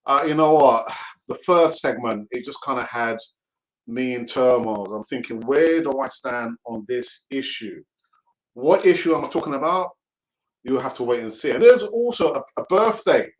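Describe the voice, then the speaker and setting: A man's voice: mid-range voice, lively intonation, moderate pace, low-quality recording. A young man hosting a fan channel's live show, talking in a chatty, jokey, rambling way and often restarting his sentences. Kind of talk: casual live show talk.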